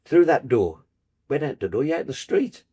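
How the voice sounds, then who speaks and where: An older man from Birmingham, England, a football broadcaster telling lively anecdotes in a podcast chat and acting out the people in his stories. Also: mid-range voice, brisk, breathy edge. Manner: animated storyteller, acts out voices in his tales.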